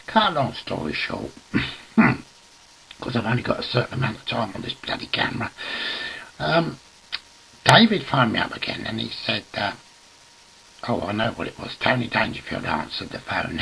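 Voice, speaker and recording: Older man, gravelly voice, lively pitch, chuckling, casual anecdote to camera. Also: normal speed, pauses often, a little hiss or hum, poor audio. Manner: chuckles through his words, swears freely. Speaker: storyteller.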